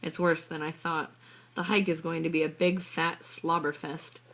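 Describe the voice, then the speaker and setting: A woman reads a children's story in the first person, her voice low, soft and even. There is a gravelly fry at the ends of her phrases, and a husky breathiness runs through her voice. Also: moderate pace. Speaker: audiobook reader. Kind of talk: storybook narration.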